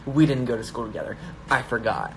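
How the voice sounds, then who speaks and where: A man's voice: mid-range voice, sing-song, quick pace, gravelly, fairly bright tone, slight background noise. A young man hosting a live stream from his phone, hyper and joking as he reads viewer comments aloud. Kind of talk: casual live-stream chat.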